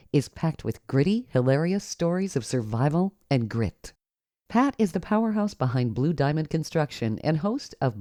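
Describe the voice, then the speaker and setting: A woman's voice: sits low, mellow, dry recording, clean studio sound. A woman hosting a podcast interview, introducing a guest and musing aloud in easy conversation. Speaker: host.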